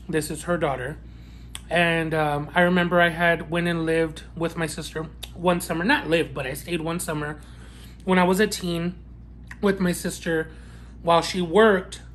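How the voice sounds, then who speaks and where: A man reviewing fast food in a mukbang eating vlog, talking in a sassy, playful way and savoring each bite with frequent mm and wow sounds. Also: a little high, flat delivery, a bit bright, slight background noise. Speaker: food vlogger.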